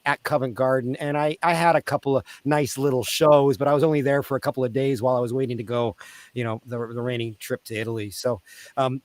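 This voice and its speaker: A man from Canada, a street performer, telling lively stories in an interview and shouting out the crowd's lines. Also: mid-range voice, fast talker, dry recording. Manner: animated, shouting out the voices of crowd members. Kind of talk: storytelling in a casual interview.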